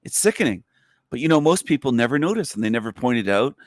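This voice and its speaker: A man's voice: sing-song, fast talker, no room sound. Angry ranting man, dry close sound. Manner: angry, profane, repetitive, pitch climbing when worked up. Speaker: livestream host. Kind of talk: ranting livestream monologue.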